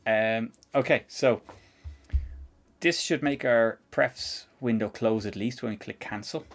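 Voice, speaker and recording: Soft music plays behind this Northern Irish programming streamer, whose mid-range voice moves slowly. He rambles and chuckles his way through a live coding tutorial.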